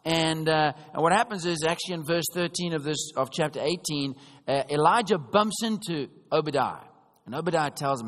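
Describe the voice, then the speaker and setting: A man preaching a sermon, telling a story in a chatty, animated way and often checking in with his listeners. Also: on the high side, a little fast. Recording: long reverb of a large hall.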